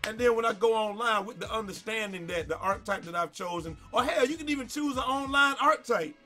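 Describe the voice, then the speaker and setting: A man's voice: high voice, animated, quick pace, sharp tone, soft background music. A man who makes gaming videos, ranting in an exasperated way over gameplay, with stammered repeats and swearing. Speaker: gaming YouTuber.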